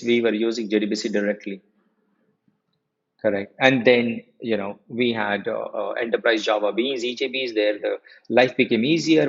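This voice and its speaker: Husky-voiced man teaching, muffled audio. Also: lowish voice. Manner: repeats key points and keeps quizzing the class. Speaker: software trainer. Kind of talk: live technical lecture.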